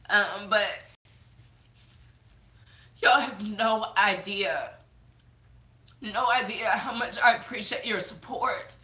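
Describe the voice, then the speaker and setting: Bright-voiced tearful woman chatting. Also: mid-range voice, reverberant. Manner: chatty, heartfelt, many fillers and restarts. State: tearful, fighting back crying. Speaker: beauty vlogger hosting a live chat. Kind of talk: casual live-stream chat reading comments.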